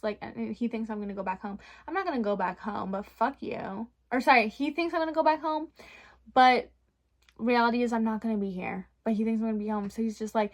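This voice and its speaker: A young woman vlogger telling a storytime rant in a blunt, profane, animated way. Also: on the high side, fairly quick.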